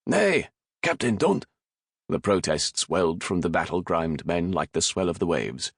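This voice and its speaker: A man narrating a historical romance audiobook in a measured, dramatic reading. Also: deep voice, fairly even intonation, no room sound, studio quality. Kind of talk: scripted narration.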